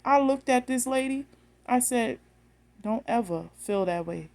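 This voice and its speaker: A woman's voice: a little high, animated, a little slow, darkish tone. A woman, telling a story bluntly and with animation straight to her phone camera. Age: 30s. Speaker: vlogger.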